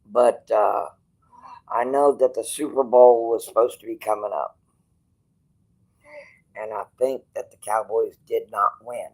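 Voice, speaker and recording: A man livestreaming from a hospital bed, rambling bluntly and with swearing, going from quiet musing to loud, stubborn outbursts. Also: fairly low pitch, steady tone, measured pace, pauses often, poor audio. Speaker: streamer.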